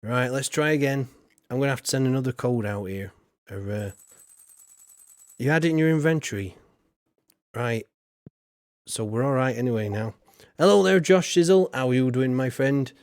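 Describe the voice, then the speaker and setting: A man's voice: medium pitch, normal speed, a little mellow, dry recording. A man chats loosely over his gameplay, greeting viewers by name and thinking aloud as he fiddles with settings. His voice sits in a medium register and comes through a close, dry mic with no room sound. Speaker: streamer. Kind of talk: casual gameplay commentary.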